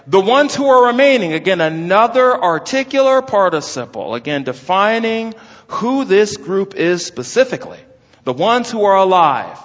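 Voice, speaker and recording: A man's voice: extremely high pitch, fairly bright tone. A man preaching an expository sermon, emphatic and exclaiming as he explains a text. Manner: emphatic, exclaims and stretches words. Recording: lo-fi with long hall reverb.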